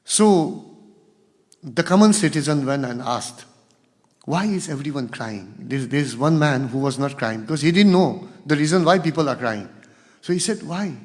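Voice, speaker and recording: A man's voice: on the high side, animated, moderate pace. Man giving a spiritual talk. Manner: storytelling, acts out quoted dialogue. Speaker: guest speaker. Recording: long hall reverb.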